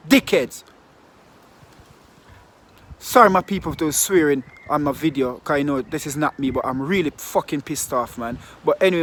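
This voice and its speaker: Swearing, ranting football fan vlogger. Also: male voice, on the high side, background noise. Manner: heated, repetitive rhetorical questions, heavy swearing. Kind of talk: ranting vlog.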